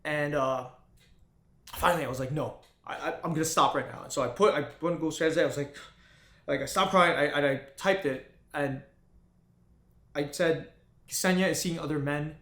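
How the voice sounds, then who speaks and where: Male vlogger, halting emotional storyteller, slightly high voice, roomy echo. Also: a bit bright. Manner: halting, with frequent restarts and fillers. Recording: echoey room.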